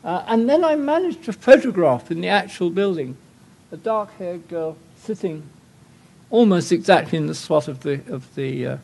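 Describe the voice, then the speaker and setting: A man's voice: high-pitched, very animated, moderate pace, gravelly, a little mellow. An older man with an English accent giving a guest lecture with slides, wry and anecdotal, full of rambling asides.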